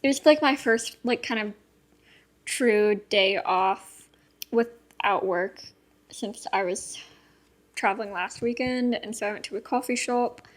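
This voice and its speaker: A young woman chats as a podcast co-host, giggling often and rambling with plenty of filler words. Her voice sits on the higher side. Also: a little slow. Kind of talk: casual chat.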